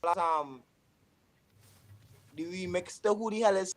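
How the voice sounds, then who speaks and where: A man's voice: high voice, a little slow. A man with a strong Trinidadian accent, joining a talk show as a guest over a video call, playful and teasing. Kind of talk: casual chat.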